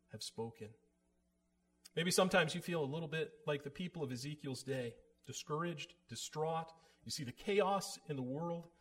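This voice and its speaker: A man preaching a sermon in an earnest, emphatic way, voice rising for emphasis. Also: on the high side.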